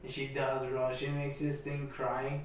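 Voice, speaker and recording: A man's voice: medium pitch, monotone, measured pace, heavy reverb, far from the mic, a little hiss or hum. A man co-hosting a casual movie review, talking in a laid-back, slangy way. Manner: laid-back slangy, says "bro" a lot. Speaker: podcast co-host.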